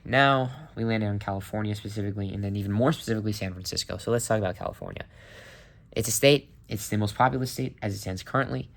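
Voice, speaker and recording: A man with a fairly low voice gives a relaxed, unscripted rundown of history for his vlog. He talks informally and openly shares his opinions. He often pauses on a filler "um". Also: vocal fry. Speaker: history vlogger. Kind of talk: casual explainer.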